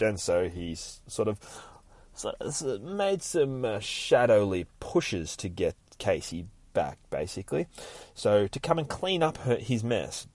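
A man hosting a podcast, retelling a comic in an excitable, heavily swearing casual way with shouted sound effects. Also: sits low, dry recording. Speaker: podcast host.

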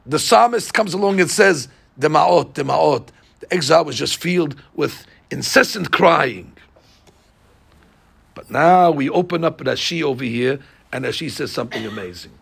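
A man teaching a Bible class, animated and asking the class questions as he explains verses. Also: on the high side, moderate pace, gravelly, slightly rough. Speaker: Torah teacher.

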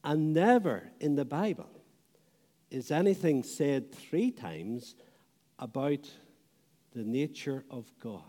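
Man, sermon, slow deliberate preaching, mellow tone, long hall reverb. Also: mid-range voice, lively intonation. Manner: slow and deliberate, trailing off softly at phrase ends.

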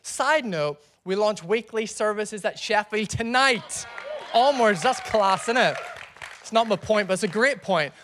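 A man's voice: high-pitched, unhurried, slight background noise. A man in his thirties preaching a sermon as a pastor, telling stories with lots of energy and calling out to the congregation. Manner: animated storytelling preacher with crowd prompts.

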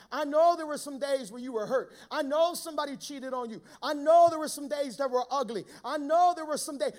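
Guy preaching a sermon, really high voice, jokes around and talks to the church. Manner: preaching with humor, calls to the church. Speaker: pastor.

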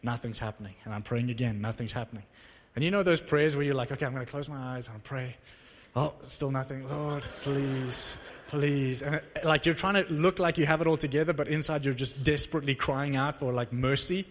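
A man preaching to a live audience, telling a story in an animated, conversational, self-mocking way. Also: medium pitch, quick pace, few pauses. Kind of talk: sermon storytelling. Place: large hall with live audience. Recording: long reverb of a large hall.

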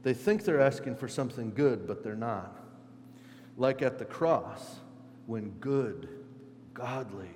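A man preaching a sermon at a middle pitch, swinging between forceful emphasis and quiet reflection. The room rings with a long echo, and a faint hum sits underneath. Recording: echoey hall with faint hum.

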